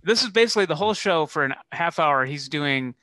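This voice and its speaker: A man co-hosting a loose comedy talk show with a wry, deadpan delivery. His voice is bright and crisp, pitched a touch high. The mic is close and the sound is dry. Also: brisk, no room sound. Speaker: co-host. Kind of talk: casual podcast chat.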